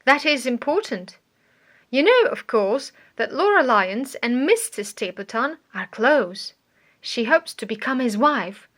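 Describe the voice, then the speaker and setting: Picture a sharp-minded detective giving orders in a clipped, commanding way, read by a woman in her own bright voice. The delivery is slow and deliberate, with a lifted pitch. It is an audiobook reading. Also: big pitch swings, heavily acted. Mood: calm.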